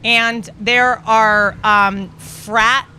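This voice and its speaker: A woman guest on a podcast, trading quick, joking banter in a casual chat outdoors by a lake. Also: a little high, steady tone, bright, forceful tone, a little hiss or hum.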